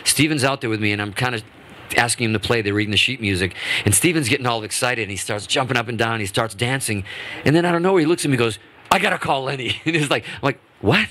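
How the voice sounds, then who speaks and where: A man in his fifties, a guest musician telling stories in a casual radio interview, animated and quick to act out quotes, with many restarts. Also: medium pitch. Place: radio studio.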